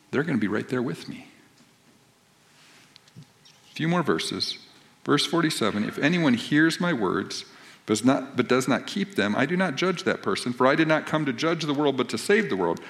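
Animated male pastor preaching. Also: mid-range voice, moderate pace, vocal fry. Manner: reads scripture aloud and then explains it conversationally. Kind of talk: sermon.

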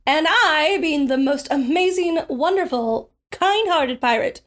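A theatrical space pirate captain, smug and condescending, who calls people darling. The voice sits high. A woman gives her voice as the game master. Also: expressive, unhurried.

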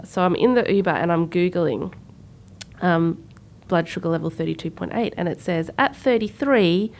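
Woman, thirties, podcast co-host; low, slightly fried voice, chatty storyteller who acts out quotes. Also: normal speed, a little mellow. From Sri Lanka. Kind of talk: casual conversational storytelling.

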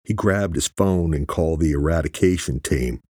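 A man narrating a thriller audiobook in a steady, husky voice. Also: a bass voice, normal speed, dry recording, studio quality. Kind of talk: scripted narration.

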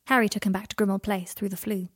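A woman narrating an audiobook in a gentle, even storytelling manner. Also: medium pitch, quick pace, breathy edge, dry recording, clean studio sound.

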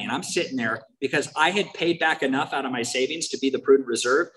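A man's voice: medium pitch, quick pace, a bit bright, rough recording. A man telling his own story to a recovery meeting, candid and conversational, with frank asides. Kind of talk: personal testimony to a meeting. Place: recovery meeting, in person or over a video call.

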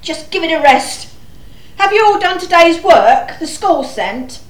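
A woman playing a frazzled, exasperated mother of many children in a panto, chatty and slow. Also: very high voice, very animated, exaggerated voice. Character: frazzled harried mother in a shoe house. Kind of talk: amateur panto acting. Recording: echoey room.

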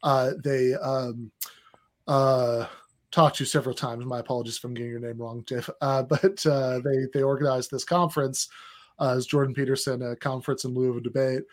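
A man co-hosting a casual podcast, telling long stories in a rambling, hesitant way with many pauses. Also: mid-range voice, flat delivery. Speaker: podcast co-host.

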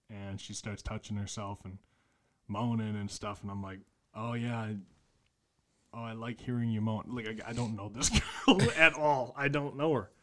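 A man's voice: mid-range voice, a bit bright. A tired young man co-hosting a podcast, telling a crude story in casual chat and laughing often. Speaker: podcast co-host.

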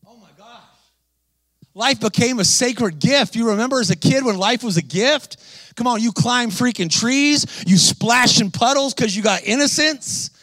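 A man preaching an energetic sermon, animated and exhorting, calling out to the congregation. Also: very high voice, normal speed, no room sound. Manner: animated, exhorting, calls to the crowd.

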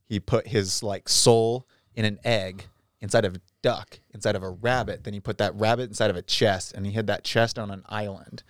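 A man's voice: fairly low pitch, fairly even intonation, moderate pace, no room sound, clean studio sound. A man talking as a first-time podcast guest in casual chat, rambling and trailing off mid-thought.

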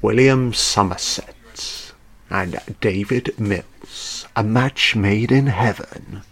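Gravelly man, crude casual commentary. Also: fairly low pitch, slow pace, fairly bright tone. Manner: crude, joking, off-the-cuff, heavy swearing. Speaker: film commentator. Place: at home with a dog.

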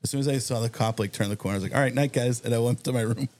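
Man telling a lively anecdote. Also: mid-range voice, rapid-fire. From Massachusetts. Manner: animated, acts out other people's lines. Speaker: guest storyteller. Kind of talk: casual anecdote on a podcast.

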